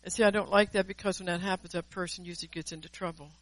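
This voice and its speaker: A woman's voice: on the low side, fairly even intonation, racing, no echo, poor audio. A woman preaching a devotional sermon in an earnest, emphatic way, repeating words for stress and mixing in personal testimony.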